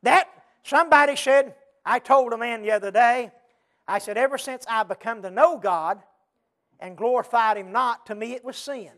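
A man preaching a chanted sermon, with a rhythmic sing-song delivery full of repeated refrains and breathy "uh"s. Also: very high voice, moderate pace, a bit bright.

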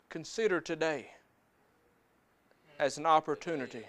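A man's voice: a little high, lively intonation, a little slow, a bit bright. A man preaching a sermon in church, mixing personal testimony with scripture in plainspoken, folksy speech that repeats phrases for emphasis. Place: church service.

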